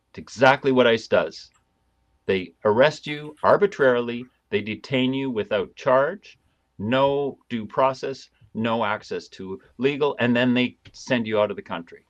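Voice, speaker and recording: A man hosting a live stream, reading through a document and twisting it sarcastically, halting often with fillers. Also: medium pitch, expressive, muffled recording. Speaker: host.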